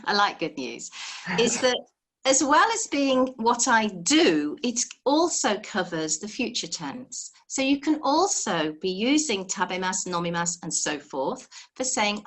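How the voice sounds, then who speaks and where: A woman's voice: mid-range voice, fairly bright tone. A woman teaching a live online language lesson, explaining patiently step by step and encouraging her students over a video call.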